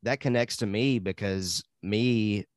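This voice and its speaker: A man's voice: fairly low pitch, takes it slowly, dry recording. Laid-back man on a dry mic. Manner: enthusiastic, rambling, laughs often. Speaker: podcast co-host. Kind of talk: casual chat.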